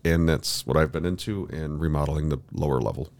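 A man's voice: a bass voice, fairly quick, gravelly, darkish tone. A man co-hosting a podcast, talking in a rambling casual way with many restarts and fillers. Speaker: podcast co-host. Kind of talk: casual chat.

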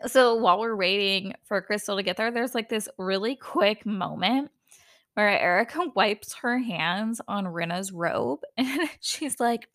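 A woman's voice: mid-range voice, unhurried, fairly bright tone. A woman hosting a solo podcast, recapping a reality TV episode in a chatty, giggly way with lots of "like". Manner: chatty, laughs often, lots of "like". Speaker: podcast host. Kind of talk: casual solo TV recap chat.

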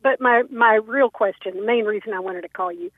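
A woman's voice: on the high side, fairly quick, no room sound. A woman from Texas calling in to a radio show, polite and a little hesitant, with many ums. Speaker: caller. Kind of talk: call-in radio conversation. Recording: tinny phone line.

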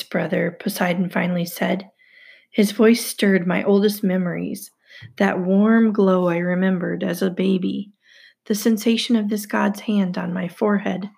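A woman reading a first-person novel aloud in a steady storytelling manner. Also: medium pitch, creaky, slightly rough. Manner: steady storytelling, hushed asides. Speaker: audiobook narrator.

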